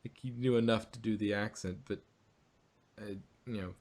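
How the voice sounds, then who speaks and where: A man's voice: lowish voice, fairly even intonation, moderate pace, a little mellow. A man co-hosting a casual review chat, rambling with many restarts and frequent laughs. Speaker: podcast co-host.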